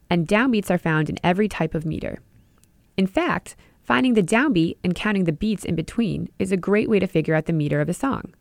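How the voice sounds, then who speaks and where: A woman hosting an educational podcast, explaining ideas clearly in scripted narration and speaking straight to the listener. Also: fairly low pitch, no room sound, studio quality. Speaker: podcast host and music teacher.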